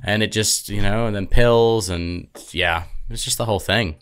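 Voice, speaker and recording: Bright-voiced candid man guest. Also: on the low side, clear, resonant tone. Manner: candid, swearing, halting storytelling. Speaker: podcast guest. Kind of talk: casual chat.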